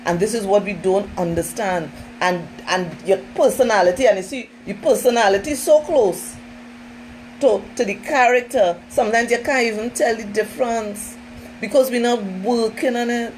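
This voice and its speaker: A woman's voice: on the high side, moderate pace, darkish tone, a little hiss or hum, rough recording. A woman trainer giving an informal training talk in an emphatic, conversational way, often turning to her listeners directly.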